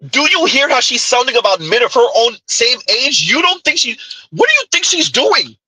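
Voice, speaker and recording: A man with a high, husky voice gives heated reaction commentary, his pitch jumping all over as he fires off mocking rhetorical questions. He's very animated, speaks at a moderate pace with a sharp tone, and the close, dry recording has poor audio quality.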